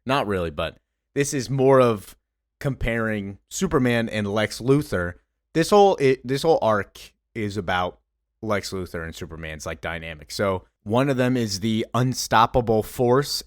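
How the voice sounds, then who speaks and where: Casual comic recap host, rambling and loose, dry close recording. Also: male voice, fairly low pitch, dry recording.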